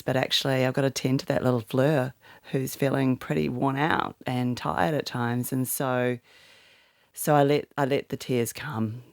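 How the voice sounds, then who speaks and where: Gravelly middle-aged woman, candid. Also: rumbling low, darkish tone, dry recording, clean studio sound. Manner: open, reflective, emotional storytelling. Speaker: guest author. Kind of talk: candid interview conversation.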